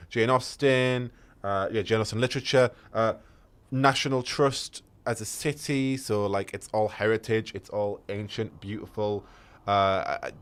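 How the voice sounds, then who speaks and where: Male streamer, casual and eager, loose rambling delivery, plenty of ums and restarts. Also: medium pitch. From England. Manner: rambling, enthusiastic, many fillers and restarts. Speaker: game streamer.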